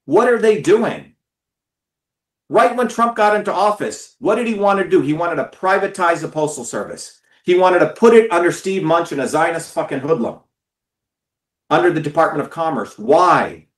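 Guy ranting to his followers, lots of cursing, kinda high voice, echoey room. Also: animated, normal speed. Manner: profane, emphatic, repeats words for stress. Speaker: political speaker. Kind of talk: impassioned talk to followers.

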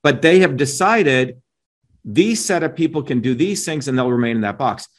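A forceful male guest makes his case in an interview. He talks at an average pitch, presses every point with emphasis and keeps checking for agreement as he goes. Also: animated, moderate pace. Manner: emphatic, combative, repeats "right?" for agreement. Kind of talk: opinionated interview talk.

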